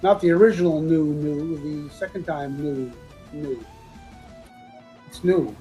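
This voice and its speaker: A man running a live comic book auction, congested from a sinus infection, joking loosely and clearing his throat as he lists issues and prices. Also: on the high side, a little slow, warm tone, faint music behind, rough recording. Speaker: auction seller.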